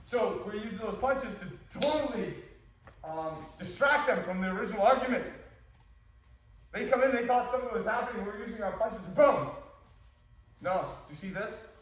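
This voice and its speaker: A man's voice: sits high, moderate pace, fairly bright tone. A man coaching a martial arts class, jokey, acting out little scenes as he explains. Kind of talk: teaching a class. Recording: echoey hall, distant mic, faint noise.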